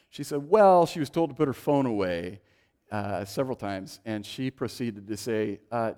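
A man's voice: on the low side, moderate pace. A middle-aged man preaching a sermon, telling stories and acting out the voices of the people in them. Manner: animated, acts out quoted voices in anecdotes. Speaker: pastor. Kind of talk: sermon with storytelling.

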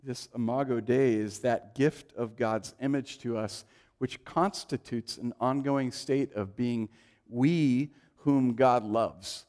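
A middle-aged pastor with a mid-range voice preaches a sermon full of stories, animatedly acting out the voices of the people in his anecdotes.

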